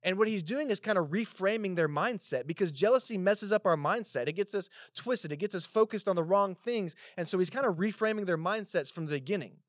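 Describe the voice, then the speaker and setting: A man's voice: high-pitched, brisk, hardly any pauses, no echo. A man with a Texan accent preaching a sermon to his congregation in a casual, conversational way, with asides to the listeners. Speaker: pastor. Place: church service in a cinema auditorium.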